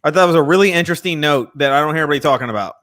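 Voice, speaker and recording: A man's voice: fairly high pitch, very fast, a bit bright. A man co-hosting a casual sports chat, joking and sarcastic, often talking over his partner. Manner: joking, sarcastic, talks over the other host. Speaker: co-host. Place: Texas.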